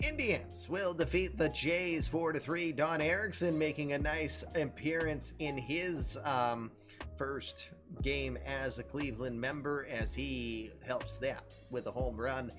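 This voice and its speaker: A man's voice: mid-range voice, a little slow, over music. A man hosting a casual recap of an online baseball league, tired and yawning, chatty and laughing at his own jokes. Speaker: host reading online league baseball results. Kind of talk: casual game recap commentary.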